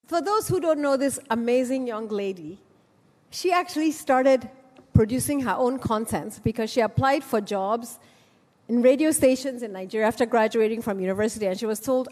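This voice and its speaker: A woman's voice: a little high, normal speed, darkish tone, big-room sound. A woman giving a conference speech, persuasive and rallying, with rhetorical questions. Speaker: conference speaker.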